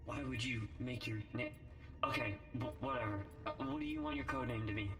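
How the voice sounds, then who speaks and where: A man playing a character in an online roleplay, talking in a lively, exasperated way. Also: mid-range voice, brisk. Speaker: roleplay player. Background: music.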